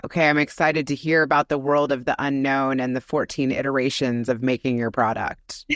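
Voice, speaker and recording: A woman's voice: rumbling low, little pitch movement, fairly quick, no room sound, studio quality. A woman hosting a podcast, giving brief, encouraging prompts in a casual interview. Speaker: podcast host.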